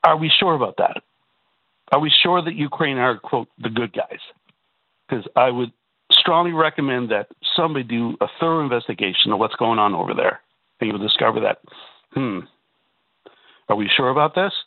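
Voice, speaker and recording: A man's voice: mid-range voice, normal speed, long pauses, no echo. A man from Canada calling in to a radio talk show, talking emphatically with repeated words and rhetorical asides. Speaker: caller. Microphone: telephone. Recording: tinny phone line.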